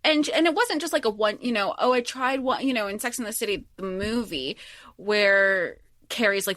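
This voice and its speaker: A woman's voice: medium pitch, expressive, moderate pace, fairly bright tone, no room sound, studio quality. A woman co-hosting a casual podcast, making her points in a heated, emphatic way and swearing freely. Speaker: podcast co-host. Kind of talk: casual chat.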